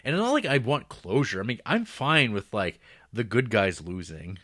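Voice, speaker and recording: A man co-hosting a film podcast, casually recapping a movie's plot and slipping into quick quoted voices for the characters. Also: lowish voice, big pitch swings, pushed and bright, no room sound, studio quality. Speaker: podcast co-host. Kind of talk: casual film review chat.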